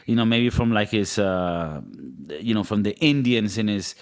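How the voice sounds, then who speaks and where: A man's voice: on the low side, moderate pace. Guy hosting a podcast, rambling and joking around, keeps dropping into silly accents. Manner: jokey, rambling, slips into put-on accents. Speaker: podcast host. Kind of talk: casual chat.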